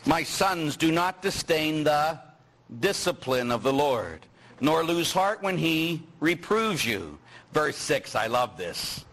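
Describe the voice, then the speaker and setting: A middle-aged man, a priest, preaching a sermon in a teasing, animated way, acting out little dialogues. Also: a little high, slow pace, slight background noise, rough recording.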